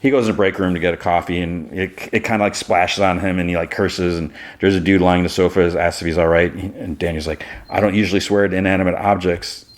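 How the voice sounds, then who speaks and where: A man's voice: deep voice, fairly even intonation, fast talker, hardly any pauses. A male podcast host giving a casual, rambling episode recap full of loose fillers.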